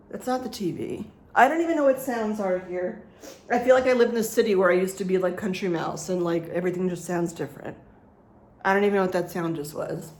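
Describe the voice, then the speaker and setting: A woman's voice: mid-range voice, a little mellow, slight background noise. A woman talking through a casual personal vlog, rambling and chatty, with many fillers and frequent laughs. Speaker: vlogger. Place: at home, echoey room. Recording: echoey room.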